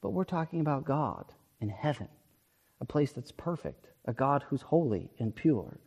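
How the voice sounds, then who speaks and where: A man's voice: mid-range voice, sing-song, normal speed, gravelly, darkish tone, slightly rough, highs cut off. A male pastor giving an emphatic, earnest sermon and repeating words for stress. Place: church sanctuary. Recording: long reverb of a church sanctuary.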